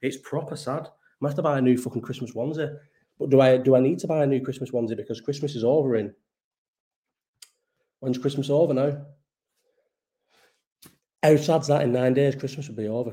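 Young male host, casual live-chat rambler, warm low-key tone, swears freely, drifts off topic. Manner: rambling, sweary, loses his thread.

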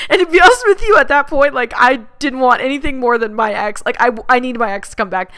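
A woman's voice: high-pitched, animated, fast talker, few pauses, fairly bright tone, clear, resonant tone. A young woman casually telling a personal story, chatty, with lots of "like" and laughter. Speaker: podcast host.

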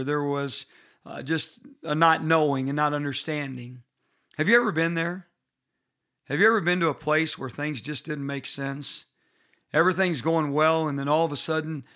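A middle-aged pastor with a bright, forceful voice pitched a little high for a man. He teaches leaders from scripture in an earnest, personal way. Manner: earnest storytelling, personal and emphatic. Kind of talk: bible-based leadership teaching.

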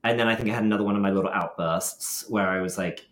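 A young man with a Scottish accent tells a personal story in a relaxed, self-mocking way, jumping into animated quoted lines. His voice sits somewhat low. The sound is roomy, with noticeable reverb. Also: quick pace. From Scotland. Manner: expressive, self-mocking, lively quoted asides. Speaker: guest. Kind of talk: casual storytelling.

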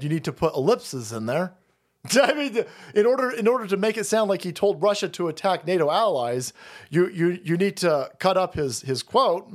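A man hosting a stream, delivering a profane, sarcastic rant of political commentary. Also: sits high. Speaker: streamer host.

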